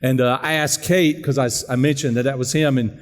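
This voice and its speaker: A man serving as pastor, relaxed and halting, introducing and interviewing a guest during a church service. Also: mid-range voice. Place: large church sanctuary. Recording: long church reverb.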